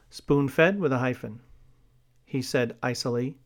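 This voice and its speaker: Man slowly reading out a word list. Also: mid-range voice. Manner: measured, spells out words and notes hyphens. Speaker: vocabulary reader. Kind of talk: slow reading of a vocabulary list.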